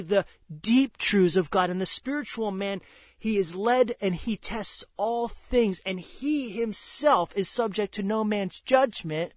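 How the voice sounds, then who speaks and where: A man preaches with unhurried, deliberate delivery, letting each phrase land. He swings from booming declarations down to hushed, almost whispered lines. The sound is close and dry, with no room around it. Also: no echo. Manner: impassioned, slow and emphatic, swings between loud declarations and hushed near-whispers. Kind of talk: sermon.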